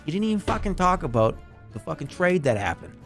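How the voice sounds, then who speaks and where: Picture a hot-headed sports fan whose ranting voice leaps up and down as he curses everything in sight, as a man puts him on for laughs. The voice sits a little higher and louder than the speaker's usual one, and every line is indignant and profane. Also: lively intonation, measured pace, soft background music, lightly acted. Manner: ranting, swearing. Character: irate, profane male Boston sports fan.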